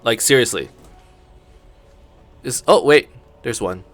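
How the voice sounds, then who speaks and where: A man's voice: medium pitch, big pitch swings, unhurried, pauses often, a bit bright, no echo, faint music behind. A man hosting a gaming channel, giving laid-back commentary as he plays, thinking aloud and swearing casually.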